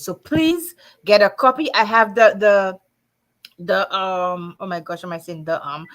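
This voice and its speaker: A woman hosting a casual online chat show, lively and chatty, laughing often. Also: medium pitch.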